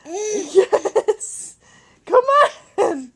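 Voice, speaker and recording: A woman's voice: very high-pitched, animated, takes it slowly, pauses often, mellow. A mother playfully coaxing and teasing her baby in sing-song baby talk, with frequent laughter, filmed at home on a handheld camcorder.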